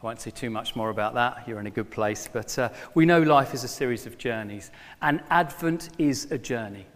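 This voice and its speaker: A middle-aged man preaching a sermon to his former church, telling a story with lively bursts when he plays a character. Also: medium pitch, moderate pace. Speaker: former pastor, guest preacher. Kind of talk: sermon with a joke. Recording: long hall reverb.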